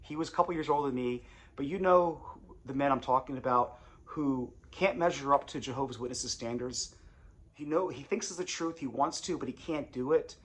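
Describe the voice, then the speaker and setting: A man's voice: mid-range voice, a bit bright. A man and former congregation elder telling his story in a casual, confessional way, rambling and repeating phrases.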